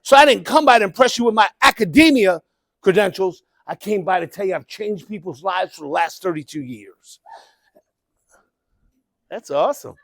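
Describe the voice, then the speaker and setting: A middle-aged man giving a live motivational keynote speech, animated, calling out to the crowd and breaking into shouts. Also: high voice, normal speed, gravelly, no room sound. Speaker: motivational speaker. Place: conference event room.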